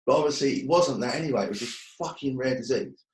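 In an echoey room, a man with a medium-pitched voice speaks at a quick pace as a guest recounting his story casually. Plainspoken and heavy on profanity, he jokes his way through past hardship.

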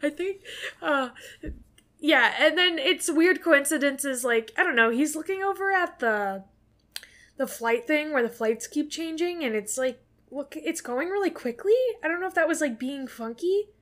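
Woman podcast co-host, higher register, rambling casual recapper, curses freely. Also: expressive, normal speed, fairly bright tone. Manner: rambling, filler-heavy, swears freely. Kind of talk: casual movie recap chat.

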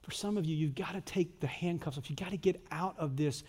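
Pastor preaching in a reverberant hall. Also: male voice, fairly high pitch, brisk, husky. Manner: conversational, acts out prayers and dialogues, drops to soft intimate tones. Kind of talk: sermon.

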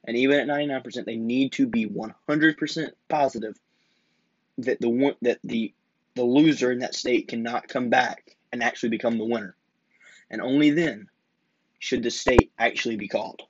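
A young man hosts his own show, arguing with indignation and peppering his case with rhetorical questions. His voice sits at an ordinary middle pitch. The audio is dry and dull, with a lo-fi edge. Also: steady tone, normal speed, husky, dry recording. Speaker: podcast host. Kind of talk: political opinion monologue.

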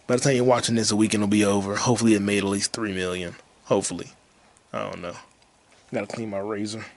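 A man's voice: lowish voice, fairly even intonation, fast talker. A man hosting a solo comedy podcast, rambling in crude, jokey rants. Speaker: podcast host.

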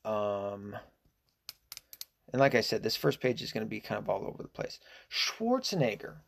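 A man talks through a casual opinion monologue in a low, gravelly voice with plenty of fry. He rambles and restarts, leaning on fillers, and swears often in an indignant tone. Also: very animated, moderate pace. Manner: profane and indignant. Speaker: political commentator.

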